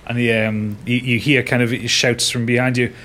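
A man's voice: mid-range voice, little pitch movement, moderate pace, sharp tone. Man narrating as game master. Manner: descriptive narration, laughs often with players.

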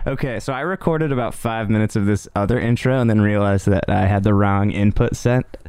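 A man's voice: on the low side, fairly quick, a little mellow, smooth, no echo, studio quality. A man hosting a podcast, talking casually and playfully, swearing and rambling with restarts. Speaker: podcast host. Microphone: studio microphone.

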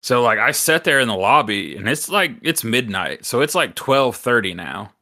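A man's voice: medium pitch, sing-song, normal speed, pushed and bright. A man hosting a podcast, telling a story in a rambling, casual way with lots of filler words and some swearing. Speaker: podcast host.

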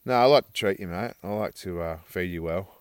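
A man's voice: deep voice, a little fast, clean tone, dry recording, clean studio sound. A man co-hosting a podcast outdoors at night, chatting in a laid-back, rambling way. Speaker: podcast co-host. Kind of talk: casual chat.

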